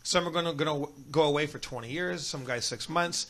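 Animated, profane storytelling man. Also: fairly high pitch, a little fast. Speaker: podcast guest. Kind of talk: storytelling on a comedy podcast.

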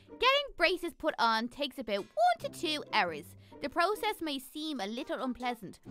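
A woman's voice: on the high side, a bit bright. Woman playing a jittery little girl. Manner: fretful, hesitant, talks to viewers. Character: young girl, anxious before getting braces. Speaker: Minecraft role-play character. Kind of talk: role-play vlog narration.

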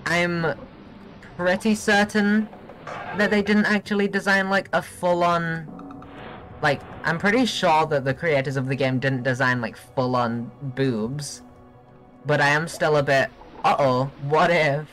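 A young man streaming a video game live, chatting excitably and giggling with his viewers. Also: a little high, unhurried, faint music behind. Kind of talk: live gameplay commentary.

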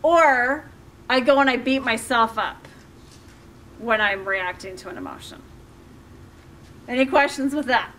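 High-voiced woman coaching a group. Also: unhurried, long pauses, fairly bright tone, slight background noise. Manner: conversational, many fillers, questions to the audience. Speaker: life coach. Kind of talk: workshop talk to a group.

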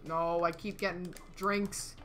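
A woman's voice: lowish voice, fairly even intonation, slow, a bit bright, soft background music. A woman streaming a cooking game, frantically calling out customer orders in casual chat.

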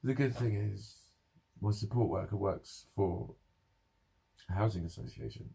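A man's voice: lowish voice, measured pace, gravelly, dark tone, slightly rough. A young man ranting in a personal vlog, swearing constantly and sounding frustrated and bitter. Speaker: vlogger. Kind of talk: angry personal vlog rant.

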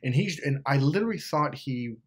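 Husky and medium in pitch, this man talks fairly quickly as he hosts a self-help video. His personal anecdote comes out casual and animated, peppered with swearing and wandering off on filler-heavy tangents.

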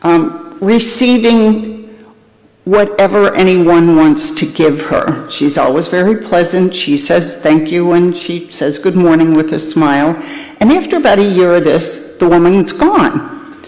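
A pastor preaching a sermon with illustrative stories, speaking deliberately in a church sanctuary. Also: medium pitch, lively intonation, a little mellow. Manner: storytelling, deliberate. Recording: echoey church hall, long reverb.

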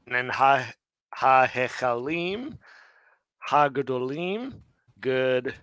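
A man co-hosting a live class who works through translations out loud, fixing his own wording as he goes. He talks slowly and deliberately. His voice sounds dry and close, with no room around it. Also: mid-range voice, expressive, dry recording. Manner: thinks aloud, corrects himself mid-sentence. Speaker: co-host of a Hebrew study class.

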